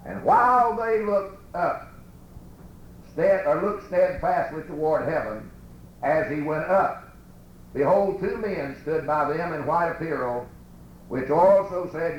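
A man delivers a sermon in a slightly higher voice, drawing out his phrases slowly and with emphasis. His voice rings through an echoey church, with faint noise underneath. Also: muffled recording. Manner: slow, emphatic, drawn-out phrasing. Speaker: preacher. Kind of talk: sermon with scripture reading.

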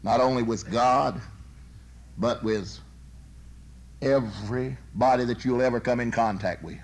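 A man preaching a sermon, telling folksy stories and swinging from loud bursts to soft, low asides. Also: unhurried.

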